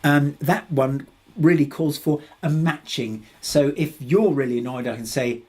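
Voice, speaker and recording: Husky man answering webinar questions. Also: a little high, unhurried, a little mellow. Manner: hesitant, many restarts and fillers, reads out questions. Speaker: webinar presenter. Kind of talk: live webinar Q&A.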